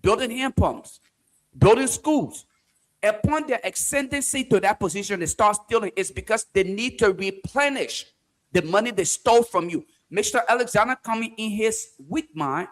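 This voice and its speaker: Deliberate talk show host. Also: male voice, high voice, lively intonation. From Liberia. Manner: deliberate, argues with rhetorical questions. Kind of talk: political talk show discussion.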